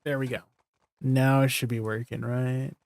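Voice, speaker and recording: Guy streaming a game, mellow tone, rambly and full of likes and you knows. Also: medium pitch, flat delivery, moderate pace, vocal fry, no echo. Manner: rambling, filler-heavy, laughs at himself. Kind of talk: casual chat while livestreaming a game.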